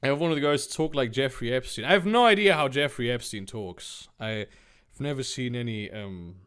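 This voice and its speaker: A man's voice: mid-range voice, animated, normal speed, a bit bright, clean tone. A man reading fanfiction aloud, breaking off into sarcastic, incredulous, swearing commentary.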